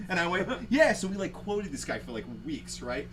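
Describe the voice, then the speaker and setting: A man's voice: a little high, animated, quick pace, few pauses, background noise. A man hosting a casual talk show, telling a story in a rambling way with lots of fillers and laughs. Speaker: podcast host. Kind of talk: casual chat.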